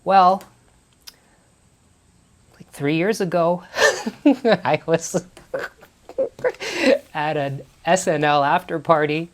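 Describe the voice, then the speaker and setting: A man's voice: a little high, very slow, pauses often, fairly bright tone. A man vlogging in a small barn studio, telling stories casually with lots of restarts and self-corrections. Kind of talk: casual storytelling to camera.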